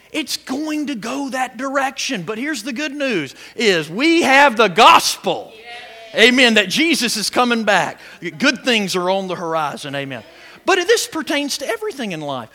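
In a sermon, a pastor preaches in a high, animated voice with wide pitch swings and a bright, ringing tone. He keeps a measured pace but climbs into shouts as he builds his points, stammering through restarts along the way.

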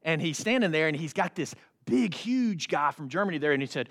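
A man preaching a sermon, folksy and animated, jumping from loud high exclamations to low quiet asides. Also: a little fast. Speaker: pastor.

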